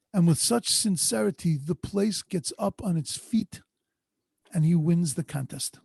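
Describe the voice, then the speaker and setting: A man teaching a Torah class as a rabbi, his voice gravelly and a little husky, pitched somewhat high. He talks earnestly and stretches his phrases, dropping Hebrew and Yiddish words along the way. The sound is dry and close, as over a video call. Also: dark tone, dry recording. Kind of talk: storytelling Torah lesson. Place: home online video call. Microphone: video call microphone.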